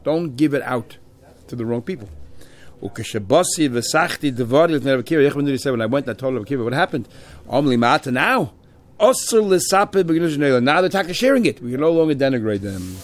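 A man leads a Talmud class at a quick clip, reading out Hebrew and Aramaic lines and translating them into as he goes. His voice sits at an ordinary middle pitch. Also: expressive. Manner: reads Hebrew and Aramaic phrases then explains in English. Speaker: Talmud teacher.

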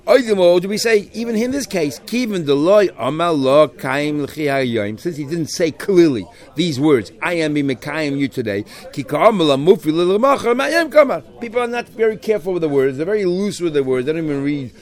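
A man teaching a Talmud class, talking through the text in an animated, questioning way and mixing in Hebrew terms. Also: on the high side, normal speed, few pauses.

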